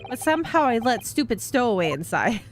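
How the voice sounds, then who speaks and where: A blunt, dismissive sailor guard voiced by a woman reading game dialogue, talking in clipped, broken English. He sounds surly and rude, and the lively pitch moves up and down. Light background noise sits under the voice. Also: a little fast. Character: rude gruff male sailor guard, young.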